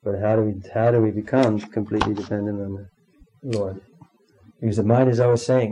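Mellow-voiced man giving a halting devotional talk. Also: on the low side, steady tone, a little hiss or hum, low-quality recording. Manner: halting, with frequent ums and throat-clearing. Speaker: spiritual teacher.

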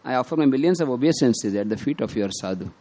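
A man voicing a proud, sharp-tongued young wife who scolds loudly and sneers. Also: medium pitch, expressive, fast talker, lightly acted. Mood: sarcastic. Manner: scolding, sarcastic, louder than his narration.

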